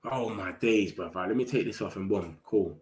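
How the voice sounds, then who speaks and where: A young man hosting a casual live stream, chatting excitedly and in slang straight to his viewers. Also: on the low side, moderate pace, a little hiss or hum. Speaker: football livestream host.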